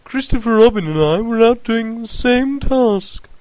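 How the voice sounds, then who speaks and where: A man's voice: very high-pitched, lively intonation, a little slow, darkish tone, dry recording, pitched above the performer's own voice. A man voicing a pompous, know-it-all male owl in a storybook parody, with a fussy, exclaiming manner.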